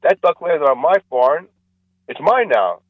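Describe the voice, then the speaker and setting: A man voicing a stubborn, gruff male farmer who talks bluntly and insists. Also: a little high, sing-song, unhurried, no echo, lo-fi sound.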